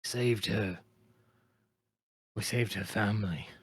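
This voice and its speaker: A man voicing a weary male adventurer who drinks to dull his grief, halting and stammering. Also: lowish voice, slightly rough, no echo, studio quality, heavily acted. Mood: grieving.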